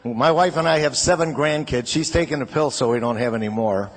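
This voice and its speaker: A man's voice: medium pitch, fairly quick, a little hiss or hum. A man in his sixties from Chicago, doing a folksy stand-up set and chatting with the crowd. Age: 60s. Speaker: comedian and singer.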